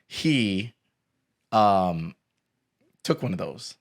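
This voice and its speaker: A young man hosting a podcast, telling animated stories in casual chat, acting out quotes and laughing often. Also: fairly low pitch, extremely slow. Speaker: podcast host.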